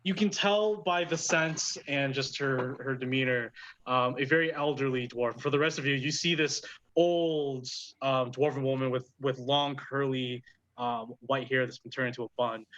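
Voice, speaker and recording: A man's voice: medium pitch, fairly bright tone. Man game master, hesitant, lo-fi. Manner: hesitant, many ums and restarts. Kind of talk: narrating a tabletop game. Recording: dull lo-fi sound.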